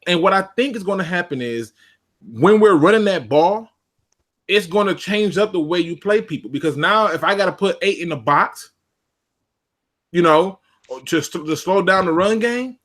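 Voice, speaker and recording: A man's voice: sits high, lively intonation, normal speed, fairly bright tone. A man co-hosting a casual sports podcast, emphatic and fond of repeating phrases for effect. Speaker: podcast co-host.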